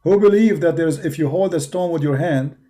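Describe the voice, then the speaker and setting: A man's voice: fairly high pitch, brisk, dark tone. Combative man with an Arabic accent. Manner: combative, mocking, emphatic. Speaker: religious debater. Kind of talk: polemical monologue.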